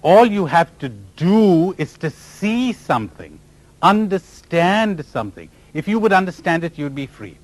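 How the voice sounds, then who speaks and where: This male spiritual teacher has a fairly high, very lively voice and talks a little slowly. Addressing a live crowd, he needles them with rhetorical questions and occasionally mimics how others sound.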